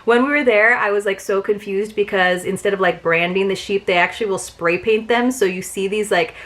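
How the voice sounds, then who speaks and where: A woman's voice: mid-range voice, brisk. A woman vlogger chatting casually through an unboxing, gushing and full of fillers.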